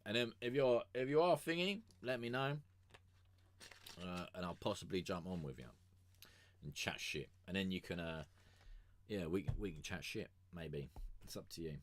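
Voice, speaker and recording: A man's voice: low-pitched, expressive, normal speed, long pauses, slight background noise. A young man streaming, telling a story casually in a rambling, crude, swear-heavy way. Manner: rambling and crude, swears a lot, with many fillers.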